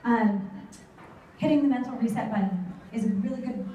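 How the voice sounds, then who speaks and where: Speaking at normal speed in a voice on the high side, this motivational speaker addresses a live crowd in a middle-aged woman's animated storytelling style, imitating her kids as she goes. The recording comes from far off the mic in an echoey hall, with the highs cut off and slight background noise.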